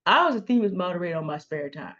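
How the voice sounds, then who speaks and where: A woman's voice: on the low side, animated, fast talker, fairly bright tone. A middle-aged woman giving pointed, confrontational commentary, speaking straight to the people she calls out by name. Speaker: commentary host. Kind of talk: direct-address commentary. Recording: dull lo-fi sound.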